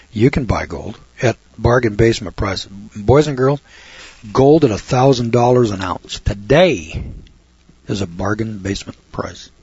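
Husky-voiced blunt preacher man. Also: lowish voice, darkish tone, no echo. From United States. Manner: blunt, folksy, addresses listeners directly. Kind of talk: folksy preaching monologue. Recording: dull lo-fi dry recording.

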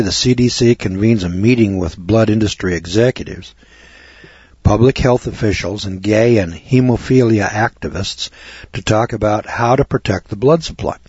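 A man preaching a sermon in an indignant, mocking way, repeating words and clearing his throat. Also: on the low side, a little mellow, no room sound, lo-fi sound. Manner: indignant, mocking, rises to exclamations.

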